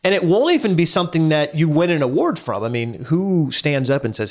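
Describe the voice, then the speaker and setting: A man's voice: on the high side, big pitch swings, brisk. A middle-aged man hosting a solo talk, speaking conversationally, asking listeners questions and repeating lines for emphasis. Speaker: podcast host.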